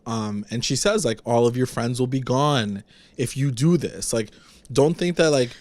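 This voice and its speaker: A man's voice: mid-range voice, normal speed, darkish tone, dry recording. A man co-hosting a podcast, retelling a TV episode in casual chat and acting out the characters' lines. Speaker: podcast co-host.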